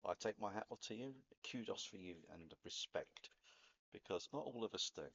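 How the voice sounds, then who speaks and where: A man's voice: lowish voice, normal speed, a bit bright, husky, lo-fi sound. A man with a Cockney accent talking casually to camera, chatty and rambling, laughing at himself now and then. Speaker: vlogger. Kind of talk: casual spoken talk to camera.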